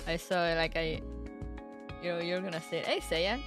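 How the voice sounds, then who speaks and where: Woman streamer, casual rambling chat with viewers, slightly low voice, music in the background. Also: level tone, moderate pace. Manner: chatty, rambling, laughs often. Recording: music playing behind.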